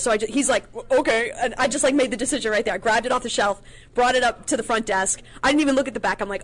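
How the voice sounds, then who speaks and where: A woman's voice: a little high, very fast, a bit bright. A woman telling a funny story on a convention panel, bubbly and laughing often, acting out the voices she quotes on a handheld mic. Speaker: voice actress guest. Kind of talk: animated convention panel anecdote.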